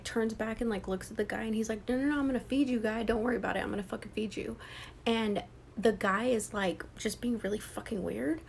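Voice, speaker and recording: A woman's voice: on the high side, gravelly, slight background noise. A young woman casually retelling a horror novel's plot, slipping into whispers and acting out the characters' lines with lots of swearing. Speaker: book vlogger.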